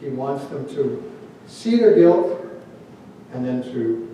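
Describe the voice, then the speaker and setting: A man's voice: mid-range voice, very animated, slow, dark tone, a little hiss or hum. A man preaching a sermon as a pastor, talking in a conversational way and acting out the voices he quotes. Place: church sanctuary. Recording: very echoey church hall, mic at a distance.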